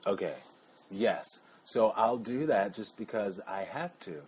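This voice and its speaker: A man's voice: fairly low pitch, animated, unhurried, noisy background. A man vlogging in a casual, rambling way, full of playful asides. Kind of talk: casual chat.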